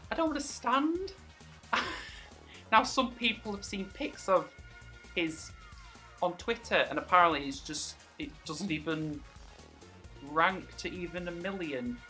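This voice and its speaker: A young man vlogging in a chatty, sarcastic way, with sudden high-pitched outbursts. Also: bright, forceful tone. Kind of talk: casual vlog commentary.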